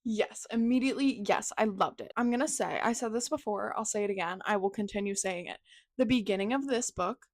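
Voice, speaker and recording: A woman's voice: medium pitch, a little fast. A young woman talking casually and emotionally about the books she is reading, gushing with lots of "like". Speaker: book vlogger. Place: at home on her couch.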